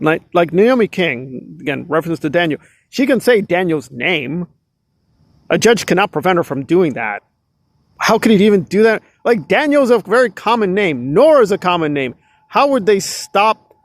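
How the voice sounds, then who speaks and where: A man's voice: high voice, no echo. A man giving casual, exasperated commentary, sarcastic and full of filler likes. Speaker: commentary vlogger.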